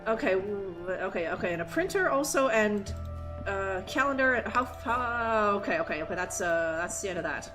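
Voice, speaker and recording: A young woman with an expressive mid-range voice streams a game live at a moderate pace. Music plays in the background as she rambles, curses, and cuts herself off mid-thought while she plays.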